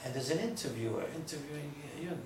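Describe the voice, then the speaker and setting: A rabbi with a slightly high, quick voice and a darkish tone gives a small audience a chatty, wandering lecture packed with stories and jokes. It's an informal storytelling talk, recorded from a distance in an echoey room with faint noise.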